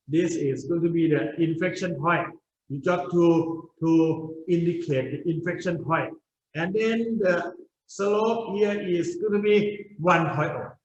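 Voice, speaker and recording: A man's voice: on the high side, a little hiss or hum. A male university lecturer giving a lecture, explaining step by step and often checking in with "okay?". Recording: roomy, dull lecture recording.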